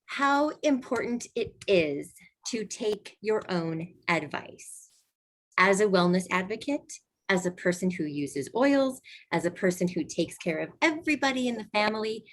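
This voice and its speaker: A woman co-hosting a casual wellness chat, telling lively personal anecdotes and acting out what people said. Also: medium pitch, unhurried, a little hiss or hum. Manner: lively anecdotes, acts out quoted voices. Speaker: co-host of a wellness group chat.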